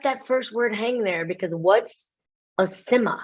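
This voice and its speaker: A woman from the United States giving a lively webinar talk as a keynote speaker, animated and self-mocking, with quick asides and laughs. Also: a little high, dull audio.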